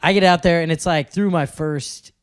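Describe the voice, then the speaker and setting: Comic co-host, storyteller who acts out the quotes; slightly high voice, dead-dry sound. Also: male voice, fairly even intonation, moderate pace, clean tone, dry recording. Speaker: podcast co-host, stand-up comic. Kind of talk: casual chat.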